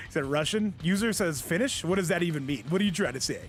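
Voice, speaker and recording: A man commentates a fighting game live, chatting to his viewers in a loose, joking, rambling way. His voice sits fairly high. Faint music plays in the background. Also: animated, moderate pace, long pauses. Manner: joking, rambling, talks to chat. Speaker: stream host and commentator.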